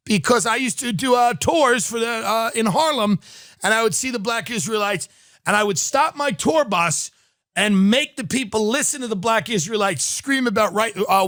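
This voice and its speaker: Guy doing a sarcastic comedy podcast rant, high bright voice, dry close sound. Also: dry recording. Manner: sarcastic, riffing storyteller. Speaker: podcast host.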